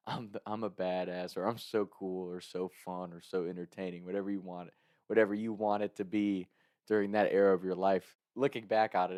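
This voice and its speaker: A man's voice: low voice, darkish tone, no room sound, studio quality. Laughing young man telling a story. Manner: chuckles often while telling a story. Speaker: podcast host. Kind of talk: casual storytelling.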